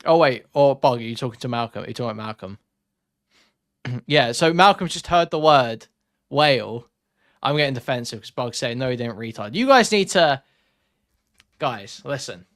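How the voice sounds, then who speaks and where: A man's voice: mid-range voice, animated, normal speed, pauses often, a bit bright. A man hosting a reaction commentary stream, ranting sarcastically and swearing as he talks to his chat.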